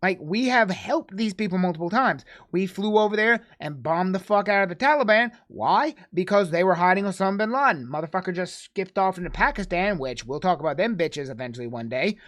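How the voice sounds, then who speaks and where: An American streamer ranting angrily into a desk microphone while reacting to a video, cursing freely and swinging between loud outbursts and low mutters. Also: female voice, expressive, fairly quick, hardly any pauses. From United States. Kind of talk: angry casual rant.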